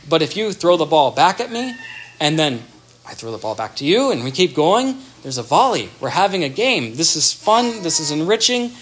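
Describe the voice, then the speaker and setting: A man's voice: on the high side, a bit bright, a little hiss or hum. A man giving an explanatory talk on child development, thoughtful, with restarts and everyday examples.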